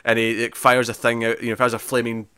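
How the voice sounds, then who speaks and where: In a dry, close recording with no room echo, a podcast co-host chats casually about films, talking fast and eagerly. His mid-range voice is bright, forceful and smooth. He's animated and quotes lines by shouting them in an impression.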